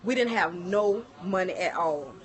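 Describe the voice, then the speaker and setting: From her kitchen at home, this middle-aged livestream host tells stories with animation and talks straight to her viewers, addressing them as "y'all." Her pitch is fairly low and her pace measured.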